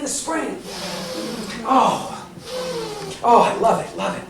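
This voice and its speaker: A woman's voice: on the high side, lively intonation, takes it slowly, long pauses, recorded from a distance. Impassioned woman preaching in an echoey hall. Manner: impassioned, repetitive, laughing asides. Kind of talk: sermon.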